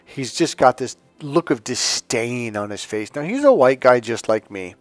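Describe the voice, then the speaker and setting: Outspoken man telling animated stories. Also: medium pitch, normal speed, dry recording, faint music behind. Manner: animated storyteller, acts out dialogue, outspoken. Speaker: dating and relationship coach. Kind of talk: casual spiritual monologue to his channel.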